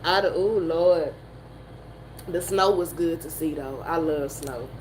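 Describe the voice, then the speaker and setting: A woman with a Southern American accent, telling a story in a profane, animated way and laughing often. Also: low-pitched, slow, slight background noise, poor audio. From Southern United States. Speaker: motivational streamer. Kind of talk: casual storytelling chat.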